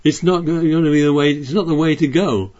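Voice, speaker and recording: A man's voice: fairly high pitch, a little fast, darkish tone, dull audio. A man preaching a sermon, reading scripture aloud and explaining it in a chatty way with frequent restarts.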